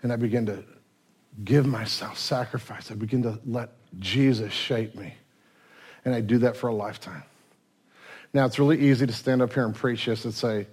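A man's voice: mid-range voice, normal speed, darkish tone, husky. A pastor preaching a sermon in a conversational way, acting out little everyday scenes and often restarting his sentences.

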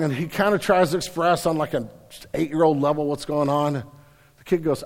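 A man preaching a sermon, talking in a casual, storytelling way and rising to forceful emphasis. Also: on the high side, steady tone, moderate pace. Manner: conversational preaching with anecdotes, builds to forceful emphasis. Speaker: pastor. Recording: long reverb of a large hall.

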